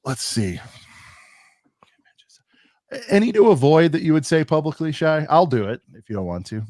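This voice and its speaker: A man's voice: a little high, big pitch swings, a little fast, darkish tone, no room sound, clean studio sound. A man co-hosting a casual podcast, talking in a rambling, jokey, self-deprecating way. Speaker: podcast co-host. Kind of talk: casual chat.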